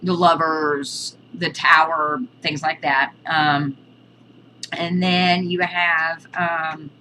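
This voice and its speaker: A woman with a low-pitched yet bright, forceful voice teaches a casual video lesson. She explains terms in a halting way, listing examples one by one. A faint hum sits behind her. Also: little pitch movement, low-quality recording. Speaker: witchcraft teacher.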